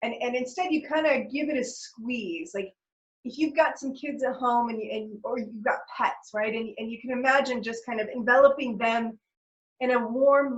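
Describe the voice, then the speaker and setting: A woman talking casually as a parenting stress coach, chatty, full of "like" and "right?", and swearing freely. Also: a little high. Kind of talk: casual self-help talk to camera. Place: home office. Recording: echoey room, dull lo-fi sound.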